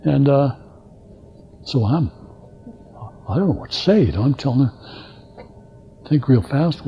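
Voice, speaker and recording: An older man from Alaska giving a guest lecture, telling stories in a halting, rambling way and acting out the dialogue he quotes. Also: medium pitch, expressive, mellow, a little hiss or hum. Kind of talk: anecdotal storytelling lecture. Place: lecture hall. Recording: dull lo-fi lecture recording.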